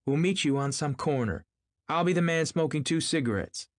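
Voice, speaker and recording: A man voicing a lively, restless rich young woman who cries out in a high voice. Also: normal speed, no room sound, natural voice.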